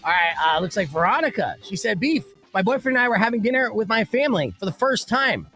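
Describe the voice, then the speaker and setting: Animated, high-voiced radio host man. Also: fast, soft background music, low-quality recording. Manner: playful, laughs often, animated. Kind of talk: casual radio banter reading listener emails.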